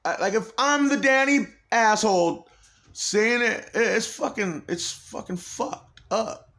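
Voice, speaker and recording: A man's voice: sits high, unhurried, sharp tone. A man in an agitated, rambling personal monologue, swearing heavily and restarting his sentences often.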